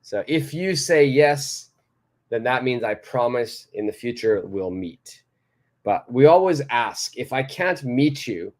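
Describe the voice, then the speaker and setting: A man's voice: mid-range voice, a little mellow. Patient man teaching English phrases. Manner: patient, repeats example phrases and reads students' answers aloud. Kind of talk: live online grammar lesson.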